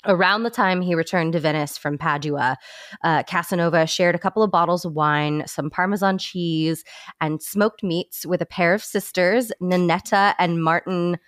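A woman's voice: lowish voice, moderate pace, no echo, studio quality. A woman hosting a podcast, reading a story aloud from notes with comic asides, sometimes stumbling and correcting herself. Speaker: podcast host.

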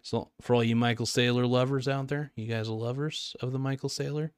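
A man's voice: medium pitch, steady tone, a little fast, clean tone, no room sound. Rambling, jokey man on a dry mic. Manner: rambling and jokey, self-mocking. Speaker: podcast host. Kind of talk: casual solo podcast chat.

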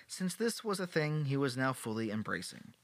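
A man's voice: mid-range voice, sing-song, normal speed, no echo. A man hosting a podcast, telling a history story in a casual, playful way with sarcastic joking asides. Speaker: podcast host.

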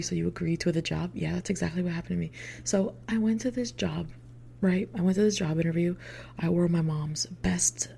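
A young woman telling a story from her past in casual storytime style. She swears freely, uses lots of filler words, and drops into hushed whispered asides. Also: on the low side, gravelly, slight background noise. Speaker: vlogger.

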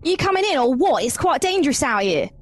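A coaxing, breezy stranger with a wobbly put-on Cockney that keeps slipping into Australian, as a woman puts him on. The voice sits above her own and swings a lot in pitch, pushy and cheerful while urging people indoors. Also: big pitch swings, brisk. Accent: put-on Cockney drifting toward Australian.

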